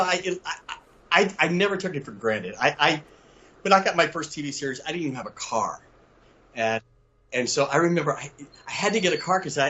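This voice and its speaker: An older man from Mississippi, a guest telling lively stories over a video call and laughing often. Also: fairly high pitch, highs cut off. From Southern US, Mississippi. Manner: animated storyteller, laughs often.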